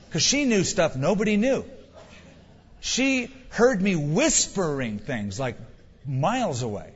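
A man's voice: mid-range voice, slightly rough. A middle-aged man preaching a sermon in a conversational style with wry humor. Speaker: pastor. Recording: dull sound with long hall reverb.

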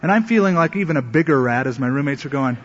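A man's voice: a little high, lively intonation, fast, slight background noise. A man preaching a sermon as a pastor, telling a story and acting out the voices of the people in it. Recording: echoey hall, dull lo-fi sound.

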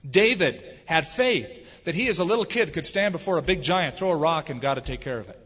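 A man preaches with an emphatic, drawn-out delivery. His voice sits a little high and rings through a long hall reverb. The recording is dull and lo-fi. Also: animated, fairly bright tone, breathy edge. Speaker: pastor. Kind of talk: sermon.

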